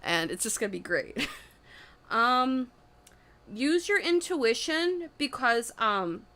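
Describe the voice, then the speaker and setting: A chatty woman reads tarot on a livestream, rambling freely and speaking frankly. Her voice is bright and a little high, and it sounds close to a webcam mic. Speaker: tarot reader. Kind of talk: casual livestream tarot reading.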